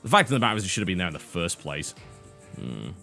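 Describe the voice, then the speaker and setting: A man's voice: deep voice, big pitch swings, fast talker, creaky, sharp tone, faint music behind. Dry, sardonic British man reviewing games. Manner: dry, sardonic, self-mocking. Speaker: game reviewer. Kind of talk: game review commentary over gameplay.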